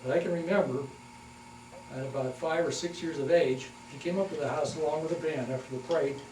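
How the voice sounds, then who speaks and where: An older man giving a folksy talk to a local historical society, halting often with fillers as he reminisces. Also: a little high. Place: hall at a historical society meeting. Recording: echoey room, distant mic, noisy.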